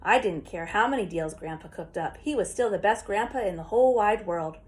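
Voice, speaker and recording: A woman reading a first-person story aloud as an audiobook, in a steady, plain storytelling manner. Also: mid-range voice, fairly quick. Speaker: audiobook reader.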